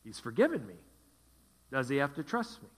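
A man's voice: medium pitch, sing-song, moderate pace. A middle-aged man preaching a sermon as pastor, emphatic and repeating phrases for stress. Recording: long hall reverb.

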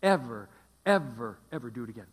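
A man's voice: animated, brisk, in a large hall, natural voice. A man acting out a distraught husband who tearfully begs his wife for forgiveness. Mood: pleading. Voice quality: high, tearful, begging.

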